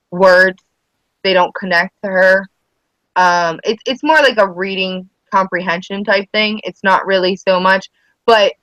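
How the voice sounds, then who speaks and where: Casual podcast chat from a mother of schoolchildren, whose voice is on the low side, with chatty, animated stories and acted-out quotes. The recording is dry and the audio dull.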